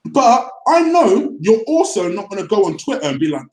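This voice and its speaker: A man's voice: sits high, normal speed, hardly any pauses, echoey room, low-quality recording. A young man, co-hosting a football fan show, ranting in heated casual chat and swearing as his voice climbs. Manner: animated, ranting, swearing, voice rising when riled. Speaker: co-host of a football fan channel.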